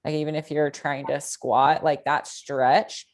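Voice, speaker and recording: A woman hosting a podcast, chatting in a relaxed, agreeable way with lots of fillers. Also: sits low, unhurried. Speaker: podcast host. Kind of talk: casual interview chat.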